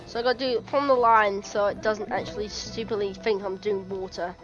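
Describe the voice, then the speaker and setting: A woman doing casual let's-play commentary, reading dialogue aloud and reacting with excitement and the odd swear. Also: medium pitch, a little fast, dull audio, faint music behind. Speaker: gameplay commentator.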